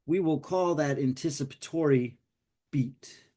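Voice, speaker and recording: A man teaching storytelling for tabletop games in a loose, animated, digressive way. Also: a little high, slow. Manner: animated, digressive, conversational explaining. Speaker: game master teaching storytelling. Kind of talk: informal lesson.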